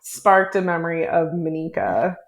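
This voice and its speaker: A woman's voice: on the low side, lively intonation, moderate pace, over a noisy crowd. A woman co-hosting a podcast, telling a story in a rambling way and correcting herself as she goes. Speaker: podcast co-host. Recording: echoey room.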